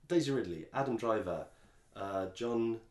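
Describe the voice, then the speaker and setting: A man's voice: fairly low pitch, lively intonation, moderate pace, darkish tone, roomy sound. An English man co-hosting a podcast, chatting casually and rambling with frequent restarts. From England. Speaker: podcast co-host. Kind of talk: casual chat.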